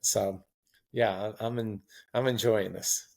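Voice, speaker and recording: A man in his sixties chatting as a podcast guest, telling long rambling stories in a relaxed, anecdotal way. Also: fairly low pitch, takes it slowly, vocal fry. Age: 60s. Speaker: guest marathon runner. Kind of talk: casual interview chat.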